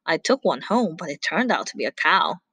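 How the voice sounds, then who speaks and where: A woman's voice: low voice, very animated, fairly quick, fairly bright tone, husky, no echo, pitched below the performer's own voice, full character voice. A woman voicing a small, naive young male wolf who speaks politely and eagerly. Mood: innocent.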